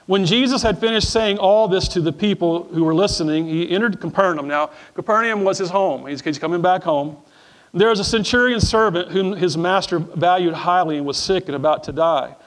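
High-voiced preaching pastor, man. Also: fairly quick. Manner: repeats words, calls for congregation responses. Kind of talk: sermon with scripture reading and prayer. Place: church sanctuary before a congregation.

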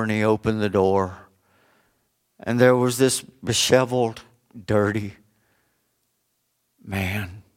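Slow, low-voiced preacher telling a story. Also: male voice, smooth. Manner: deliberate, dramatic pauses. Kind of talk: sermon storytelling.

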